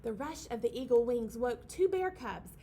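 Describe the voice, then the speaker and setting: A young woman reads a picture book to babies at a library storytime. Her voice sits high and swoops up and down in a bouncy sing-song as she acts out the animal noises. A faint hum of room noise lies underneath. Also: expressive, moderate pace, dark tone. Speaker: children's librarian leading storytime.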